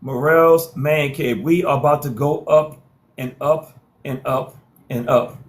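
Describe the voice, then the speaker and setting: A man's voice: fairly high pitch, steady tone, a little slow. A man hosting a live social stream, hyping viewers with repeated calls to follow and share and playful trash talk.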